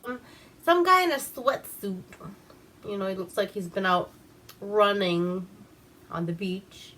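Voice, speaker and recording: A woman's voice: mid-range voice, sharp tone. A woman recapping an old movie in a casual, profane, rambling way, laughing as she goes. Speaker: movie reviewer.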